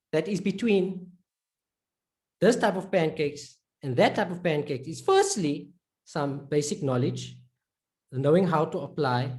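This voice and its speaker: A man teaching Arabic letter pronunciation in a recorded lesson, encouraging and repeating each word slowly for practice. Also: a little high, a little mellow.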